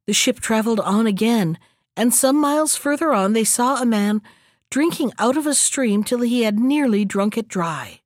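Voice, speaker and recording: A woman narrating a fairy tale as a storybook reading, lively and expressive. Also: on the high side, normal speed, dry recording, clean studio sound.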